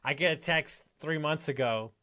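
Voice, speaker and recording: A man's voice: a little high, normal speed, bright, forceful tone, no room sound. A man hosting a podcast as a life coach, speaking bluntly and directly and swearing casually. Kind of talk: conversational podcast talk.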